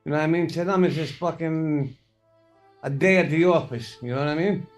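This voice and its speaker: A man's voice: a little high, a little fast, faint music behind. A man hosting a casual livestream chat, swearing freely and laughing as he tells stories. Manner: profane, laughing storyteller. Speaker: podcast host.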